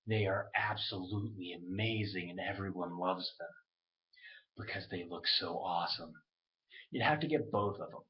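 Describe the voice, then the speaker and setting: A man with a fairly low voice rambles loosely through his gaming talk, dropping the odd swear word. He speaks straight into a webcam, and the sound is dull and lo-fi. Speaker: gaming video creator. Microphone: webcam mic.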